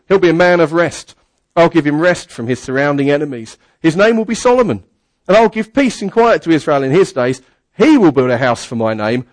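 Preacher reading scripture, dry close sound. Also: male voice, a little high, dry recording, poor audio. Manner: reads scripture aloud and adds plain asides. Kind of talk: sermon with Bible reading.

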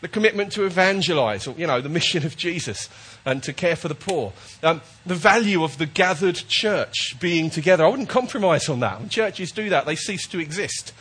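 A man's voice: a little high, animated, a little fast, hardly any pauses, a bit bright, slightly rough. A man preaching a chatty, jokey sermon while he has a cold, often checking in with his listeners.

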